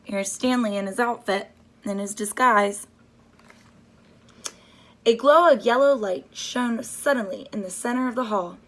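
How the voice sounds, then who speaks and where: A woman reading a storybook aloud to children, pausing to ask them questions. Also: a little high, a little hiss or hum. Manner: pauses to ask listeners questions. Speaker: storybook reader.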